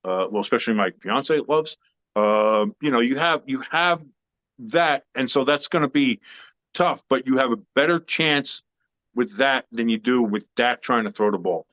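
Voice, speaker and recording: A man's voice: medium pitch, normal speed, a bit bright. A man co-hosting a sports podcast in casual chat, opinionated and emphatic, rambling with fillers. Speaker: podcast co-host.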